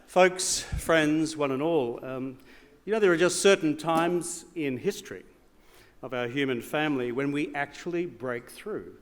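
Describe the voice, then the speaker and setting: A man's voice: medium pitch, fairly bright tone. A middle-aged Australian man giving a formal evening speech with joking asides and rhetorical repetition, in a large hall. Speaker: speaker. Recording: long hall reverb.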